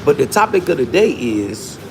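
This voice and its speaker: A man's voice: mid-range voice, big pitch swings, normal speed, vocal fry, background noise. A man with hosting a livestream, taunting and arguing with users in his chat in a casual, combative way. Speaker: livestream host.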